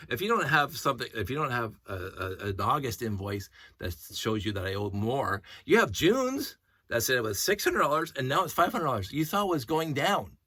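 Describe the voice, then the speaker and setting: A man vlogging in a casual, rambling storytelling rant, animated and indignant as he retells events. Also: medium pitch, normal speed, no room sound.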